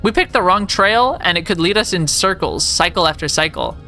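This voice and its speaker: A woman in her late twenties reading aloud the lines of a calm, reasoning male crew member from a game, in a plain, even delivery. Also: fairly low pitch, moderate pace, soft background music.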